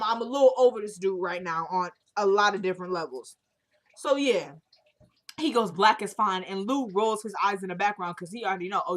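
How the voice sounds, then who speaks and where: A woman's voice: mid-range voice, a bit bright. A woman casually recapping a TV drama episode, animatedly retelling and acting out scenes. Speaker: TV recap vlogger.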